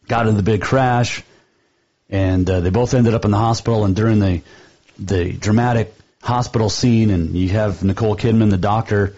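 Chatty husky-voiced sports radio host man. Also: lowish voice, fairly even intonation, normal speed, a little mellow, dull audio. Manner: chatty, rambling, fond of trivia. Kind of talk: casual sports radio monologue.

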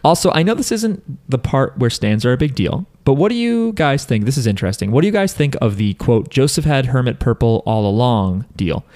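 A man's voice: mid-range voice, big pitch swings, fairly quick, hardly any pauses, darkish tone. A young man hosting a casual podcast chat, rambling with lots of fillers and frequent laughs, reading listener emails.

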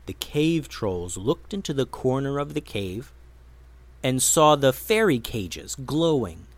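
A man narrating a children's adventure story in an expressive, animated reading voice. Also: medium pitch, takes it slowly, no room sound.

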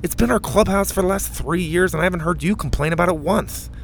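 A man's voice: high voice, fast talker, gravelly, a little hiss or hum, voice pushed up. A man voicing a cocky, eccentric rich boy genius who talks with a lisp, in a storybook reading. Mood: teasing.

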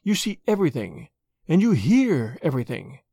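A man voicing a sly, insinuating male French spy who speaks slowly and low in a storybook reading. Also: sing-song, dark tone, slightly rough, no room sound, studio quality, heavily acted.

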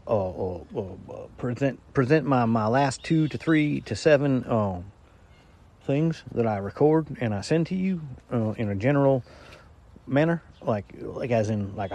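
A man's voice: mid-range voice, a little mellow, breathy edge. A man delivering a rambling, stammering comic monologue as a regular caller, losing his train of thought.

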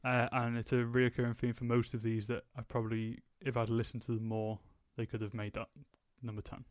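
A man's voice: medium pitch, monotone, a little fast, dry recording. Young man, podcast host, rambling casual chat, dry close sound. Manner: chatty, rambling with fillers.

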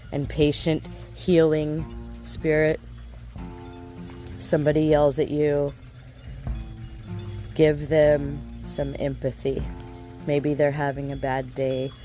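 A man's voice: on the high side, darkish tone. A man giving a casual self-help lesson in an earnest way, asking his listeners rhetorical questions.

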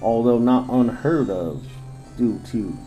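A man with a mellow, rounded voice co-hosts a loose podcast and reads out monster lore. His delivery is crude and jokey, and he laughs as he goes. Soft music plays faintly behind him. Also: mid-range voice, takes it slowly, low-quality recording. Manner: crude, joking, laughs often. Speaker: podcast co-host. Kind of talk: casual podcast chat reading monster legends.

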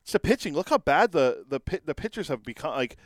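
A man's voice: on the high side, very animated, fast, dry recording, studio quality. A man co-hosting a sports talk show, chatting casually and agreeably. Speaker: co-host.

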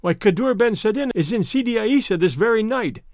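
A strong, calm adventurer hero from an old storybook, read by a man. He speaks in a measured, courteous way, in a lively voice with a fairly high pitch. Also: dry recording, clean studio sound.

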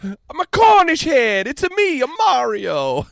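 A man voicing a loud, Italian-accented male cartoon Cornish hen, with a shouted, exaggerated sing-song delivery. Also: very high-pitched, huge pitch swings, measured pace, gravelly, no room sound, studio quality, voice pushed up, heavily acted. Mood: gleeful.

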